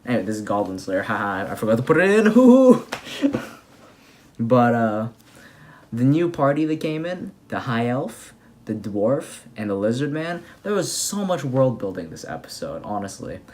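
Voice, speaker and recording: A young man casually recapping an anime episode, rambling and excitable with lots of fillers and restarts. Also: medium pitch, normal speed. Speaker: anime reviewer.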